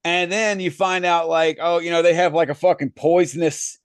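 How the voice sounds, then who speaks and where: A man's voice: fairly high pitch, fairly even intonation, normal speed, smooth, no room sound, clean studio sound. A man co-hosting a casual podcast, rambling through profane banter with lots of fillers and frequent laughs. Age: adult parent. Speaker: podcast co-host.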